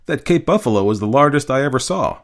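A man's voice: mid-range voice, expressive, fast, pitched above the performer's own voice, lightly acted. A man voicing a polite, curious hunter who is a dinner guest in a storybook reading, asking eager questions.

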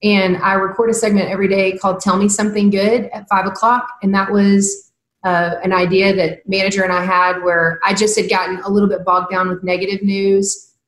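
A woman's voice: medium pitch, flat delivery, brisk. A woman who works as a TV news anchor, talking earnestly and reflectively as a guest in a casual interview and giving advice. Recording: roomy echo.

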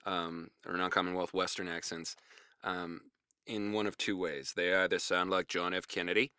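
A man co-hosting a podcast, rambling comfortably through the chat with a few fillers. His voice is very deep but bright-toned, recorded dry and close. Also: flat delivery, moderate pace, smooth, no echo. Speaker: podcast co-host. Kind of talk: casual chat.

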